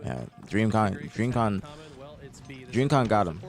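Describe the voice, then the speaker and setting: A man's voice: lowish voice, animated, slow, faint music behind. A man co-hosting a stream in casual chat, laid-back and slangy, often repeating himself. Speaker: co-host.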